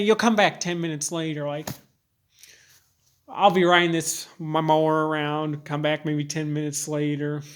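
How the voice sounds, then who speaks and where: Halting, rambling young man, slightly high voice. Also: a bit bright. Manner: rambling and halting, full of fillers and restarts; earnest and candid. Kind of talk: personal vlog monologue.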